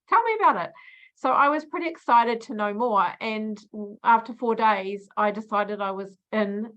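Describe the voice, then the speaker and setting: An older woman welcomes everyone to a business launch and talks through her own story with warm, upbeat enthusiasm. Her voice sits at a middling pitch. The recording is a little dull and lo-fi. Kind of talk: welcoming presentation speech. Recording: slightly dull, lo-fi sound.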